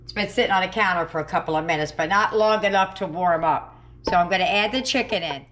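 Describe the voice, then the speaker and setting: A woman's voice: on the low side, quick pace, fairly bright tone. A middle-aged woman hosting a home cooking video, chatting and thinking aloud as she cooks. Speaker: cooking channel host. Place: home kitchen.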